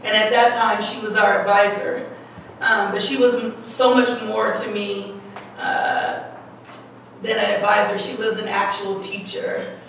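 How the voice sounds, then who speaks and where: Hoarse woman speaking in an echoey hall. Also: medium pitch, level tone, a little slow, recorded from a distance, slight background noise. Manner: warm, fond, laughing at her own stories. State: hoarse, losing her voice. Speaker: local educator introducing an honoree. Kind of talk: public speech at an awards event. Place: large room at an event.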